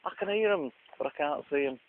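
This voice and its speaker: Outdoors at a country park, a vlogger from Lancashire, England, speaks fairly quickly in an expressive voice on the high side. He rambles through his video diary in a dry, self-deprecating way, captured on a tinny, lo-fi recording with a faint hiss.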